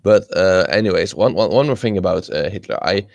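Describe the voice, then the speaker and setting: A man's voice: deep voice, fairly quick, creaky, very noisy. A man in casual podcast chat, hesitant and full of ums and uhs. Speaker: podcast co-host.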